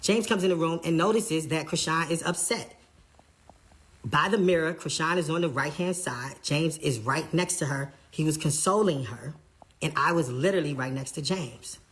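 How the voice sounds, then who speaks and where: A tour manager casually recounting a backstage incident in an animated way, often quoting what others said. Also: mid-range voice, normal speed. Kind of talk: casual storytelling.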